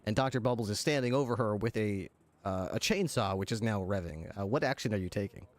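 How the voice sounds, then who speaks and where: A man's voice: on the low side, animated, brisk. A man narrating as game master of an improvised role-play, hesitant with many fillers and frequent laughter.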